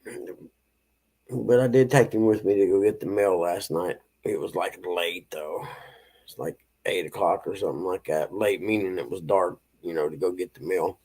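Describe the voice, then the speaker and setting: A man in his fifties hosts a relaxed morning live stream, talking easily to his viewers and chuckling between thoughts. His low voice has a gravelly fry to it. He takes his time and answers the chat as if sitting with friends. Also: moderate pace. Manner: laid-back, chuckling, reads chat aloud.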